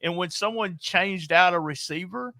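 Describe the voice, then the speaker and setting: A man's voice: high-pitched, moderate pace, pushed and bright, no room sound. A man chatting casually on a podcast, rambling and restarting his sentences.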